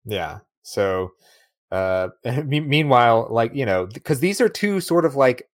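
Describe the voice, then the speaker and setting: A man's voice: mid-range voice, very animated, a little slow, no echo, studio quality. A man co-hosting a podcast, chatting casually about a movie, rambling and laughing often. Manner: rambling, laughs often, acts out lines in a raised voice. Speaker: podcast co-host.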